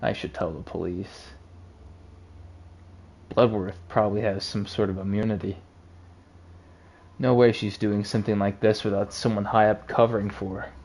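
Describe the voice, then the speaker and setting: A man reading the part of a weary, self-doubting animal detective as a quiet, brooding inner monologue. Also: on the low side, steady tone, normal speed, long pauses. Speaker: game voice-over reader. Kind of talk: reading a story game aloud.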